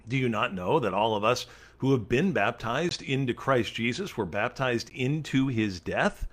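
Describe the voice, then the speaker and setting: A man's voice: medium pitch, a bit bright. Earnest male pastor teaching scripture. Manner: reads scripture aloud, then explains it in an earnest, emphatic way. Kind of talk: Bible study teaching.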